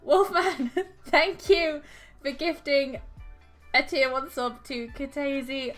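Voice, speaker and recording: A woman's voice: sits high, fairly even intonation, slow pace, fairly bright tone, faint music behind. A woman hosting a live stream, chatting with viewers, laughing often and gushing with overwhelmed thanks. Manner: giggly and effusive, laughing often. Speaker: livestream host.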